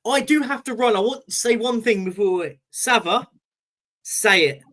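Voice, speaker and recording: A man guesting on a fan live stream, talking excitedly and urging viewers to like and subscribe. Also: sits high. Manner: excitable, quick, hypes the audience. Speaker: co-host guest. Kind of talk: casual stream chat.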